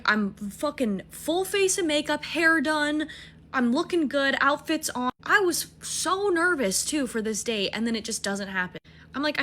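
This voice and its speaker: A woman in her twenties tells a dating story in a casual rush, cursing freely and laughing at her own mistakes. Her voice is bright and forceful. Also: sits high. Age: 20s. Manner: animated, swearing, self-mocking.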